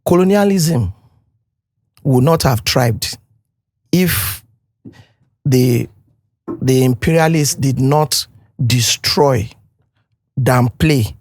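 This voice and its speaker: Older Nigerian man, Nigerian accent, emphatic, animated storyteller, mid pitch, dry studio. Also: extremely slow, pauses often, no room sound. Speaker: guest. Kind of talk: podcast conversation.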